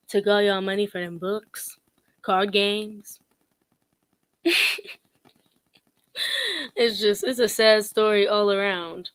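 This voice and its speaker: A young woman chatting to camera in a sassy, blunt commentary style. She laughs often and mocks freely, her pitch sitting in an ordinary middle range. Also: steady tone, a little slow, pauses often, no echo. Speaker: commentary vlogger. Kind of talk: casual commentary chat.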